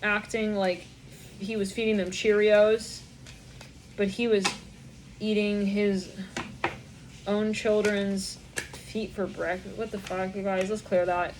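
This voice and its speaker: A woman's voice: medium pitch, little pitch movement, slow, long pauses, noisy background. A young woman giving a channeled tarot reading, rambling in a stream of consciousness, swearing and laughing often. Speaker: tarot reader.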